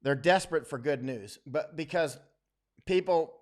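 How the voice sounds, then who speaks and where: A middle-aged man hosting a casual livestream, talking bluntly and with strong opinions, often dropping his voice low and quiet at the ends of phrases. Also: a little slow. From United States. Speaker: livestream host.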